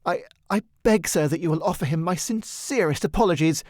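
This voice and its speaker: A man reading the lines of a flustered, apologetic young gentleman who stammers. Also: a little high, sing-song, measured pace, dry recording, studio quality.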